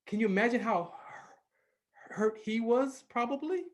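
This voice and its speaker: A Californian man in his forties, a radio personality appearing as a podcast guest, tells a personal story in casual conversation, earnest and emphatic, acting out the voices he quotes. His pitch is extremely high, his intonation lively, and his pace moderate.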